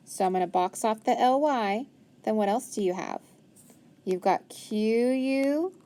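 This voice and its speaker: A woman teacher walks through a phonics worksheet at an unhurried pace. Her voice is mellow and soft, and she sounds each word out patiently, stopping often to praise. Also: mid-range voice.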